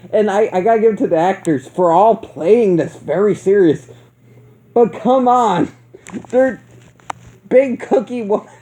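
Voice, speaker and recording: A man's voice: sits high, mellow, a little hiss or hum. A man giving a casual, profane and rambling review of a horror movie, laughing often. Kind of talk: casual film review rant.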